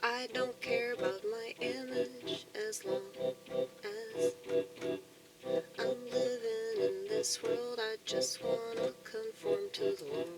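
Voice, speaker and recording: A woman's voice: a little high, animated, slow pace, gravelly, loud music behind the voice, low-quality recording. A woman with a Southern US accent, talking in a rambling, casual monologue full of fillers and profanity. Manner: meandering, profane, frequent fillers and short laughs. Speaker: vlogger.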